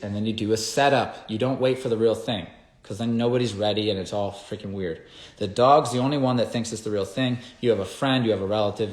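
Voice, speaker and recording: A man with a fairly low voice teaching dog training in an emphatic, casual way. He keeps turning to the listener with quick "okay?" and "right?" check-ins. His voice rings around an echoey room. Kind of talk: casual instructional talk.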